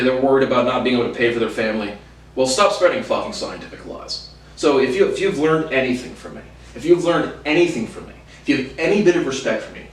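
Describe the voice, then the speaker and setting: An angry man rants to his audience, swearing constantly and insulting his targets, often restarting his phrases. His voice sits at an ordinary middle pitch. It sounds roomy, picked up by a mic some way off. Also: far from the mic, a little hiss or hum. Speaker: video host. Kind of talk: ranting monologue to camera.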